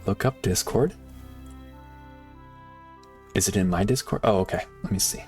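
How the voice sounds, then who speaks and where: A man streaming a game live, chatting casually with viewers and swinging from excited shouts to quiet muttering. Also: low voice, a little slow, soft background music. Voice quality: animated, laughs often, jumps between excited shouts and quiet muttering.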